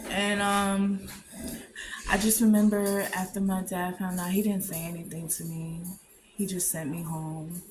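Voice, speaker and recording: A woman giving a candid, heartfelt personal message to camera, often halting and trailing off softly. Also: mid-range voice, slight background noise. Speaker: vlogger sharing a personal message. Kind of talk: emotional personal testimony to camera.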